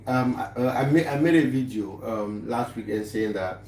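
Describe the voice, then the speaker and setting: With a medium-pitched, slightly mellow voice at a moderate pace, a livestream host greets his viewers, chatting and laughing in an easygoing way. Echo from the room and faint background noise come through on the recording.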